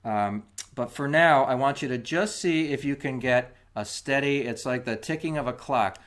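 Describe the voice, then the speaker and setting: A man's voice: mid-range voice, normal speed, hardly any pauses, a bit bright, a little hiss or hum. Patient man teaching a lesson. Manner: patient, counts beats aloud while demonstrating. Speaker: music teacher. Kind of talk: instructional video lesson. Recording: clicking spoons heard behind. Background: clicking of spoons.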